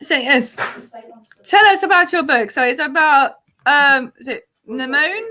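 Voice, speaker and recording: A high, bright British woman chatting casually as a podcast host. She giggles often and her pitch swings widely as she talks. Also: lively intonation, a little slow. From Britain. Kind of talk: casual chat.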